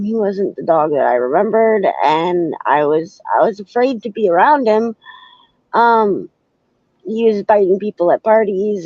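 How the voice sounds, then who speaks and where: A woman in her thirties from Canada talks haltingly, full of restarts and ums, often checking in with "right?". The audio is dull and lo-fi, and the room sounds dry and close. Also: on the low side, darkish tone, no room sound. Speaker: podcast guest. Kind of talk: candid conversation.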